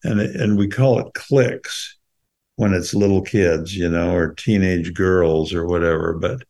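A man's voice: deep voice, a little slow, darkish tone. A man co-hosting a podcast who talks earnestly about faith and reads poetry, often stopping to repeat words as he thinks. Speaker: podcast co-host. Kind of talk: earnest gospel discussion and poetry reading.

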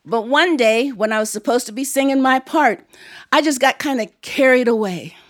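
A woman's voice: on the high side, moderate pace, noisy background. A woman storyteller from Ohio, telling a family story live before a studio audience and breaking into song to lead them in call-and-response. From Ohio, USA.

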